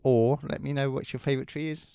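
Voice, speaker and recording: A man's voice: medium pitch, fairly even intonation, fast, creaky, warm tone, clean tone, no echo, studio quality. A man co-hosting a podcast in casual, jokey chat. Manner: jokey, playful. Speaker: podcast co-host.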